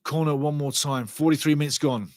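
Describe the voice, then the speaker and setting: A fairly high-voiced man calls a football match live as a fan, animated and partisan. He reacts loudly to refereeing decisions and reads out chat messages between plays. His voice sits close and dry on the mic, with no room sound. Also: a little fast, no echo. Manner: excitable, partisan, reads chat comments aloud. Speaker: fan watch-along commentator. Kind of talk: passionate live match commentary.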